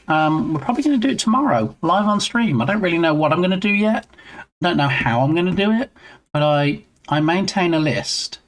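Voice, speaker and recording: A man streaming live while he works on his game, chatting casually and answering viewers in a self-deprecating way. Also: on the high side.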